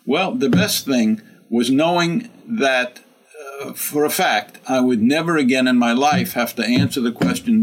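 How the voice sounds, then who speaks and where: An older man telling a story as an interview guest, measured, with frequent "uh" fillers and dry humor. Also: mid-range voice, poor audio. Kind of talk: conversational storytelling.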